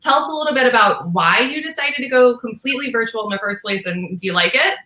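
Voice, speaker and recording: An upbeat woman speaks briskly in a casual interview, her voice bright and forward. The sound carries a roomy echo around her. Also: on the high side, animated. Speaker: guest interviewer, tech partnerships manager.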